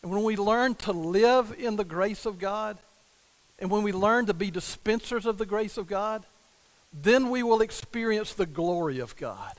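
A man's voice: high voice, measured pace, poor audio. An older man preaching a sermon, telling a family story and acting out the quoted dialogue. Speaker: pastor.

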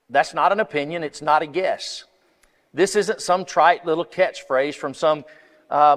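A man giving a church lesson, reading a column aloud in a conversational way with wry asides. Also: on the high side. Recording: long hall reverb.

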